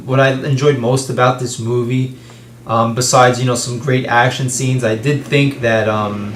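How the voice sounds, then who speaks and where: A man giving a casual spoken film review, rambling with plenty of "you know" and "um" fillers and frequent swearing. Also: medium pitch. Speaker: movie reviewer. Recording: echoey room.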